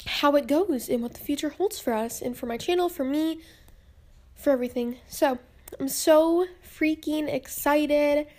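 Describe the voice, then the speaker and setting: A woman's voice: high voice, a little mellow. Breathless chatty young woman podcaster. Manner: chatty, rambling, upbeat. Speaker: podcast host. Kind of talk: casual podcast chat. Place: home, indoors.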